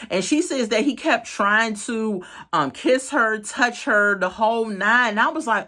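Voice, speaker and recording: A woman giving casual, expressive commentary on a reality show, with sharp swings in pitch for emphasis. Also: measured pace, hardly any pauses.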